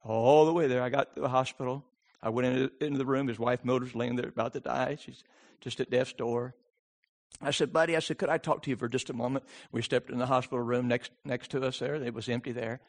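A man preaching a sermon, swinging from shouted pleading to hushed storytelling. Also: mid-range voice, steady tone, a little fast. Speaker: pastor.

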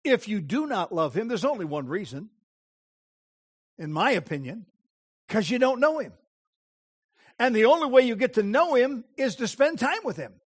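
A male preacher giving an impassioned sermon, with emphatic phrasing and dramatic pauses. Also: very high-pitched, animated, slightly rough.

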